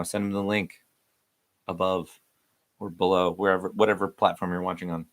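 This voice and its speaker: Hosting a laid-back youth devotional livestream, this man has a deep, slightly bright voice with a flat, brisk delivery. His talk wanders, pokes fun at himself, and is thick with "um" and "like."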